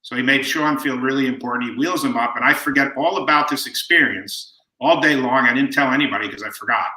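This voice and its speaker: A man in his fifties, a guest author telling family stories in a relaxed way and acting out the quoted lines. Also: mid-range voice, a little fast. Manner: relaxed anecdotal storyteller who acts out quoted lines. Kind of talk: storytelling in conversation. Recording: roomy echo.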